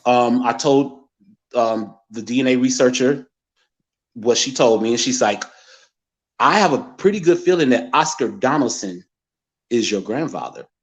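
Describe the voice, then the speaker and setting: A man in his forties from the American Midwest, telling a personal story as a guest and acting out other people's words in lively quotes. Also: medium pitch, moderate pace, long pauses. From Gary, Indiana, USA. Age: 40s. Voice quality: animated storyteller who acts out others' words.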